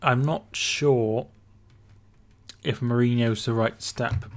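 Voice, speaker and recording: A man's voice: medium pitch, fairly even intonation, takes it slowly. A man with a Scottish accent hosting a casual football livestream, reading viewers' messages aloud and answering them. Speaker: football stream host.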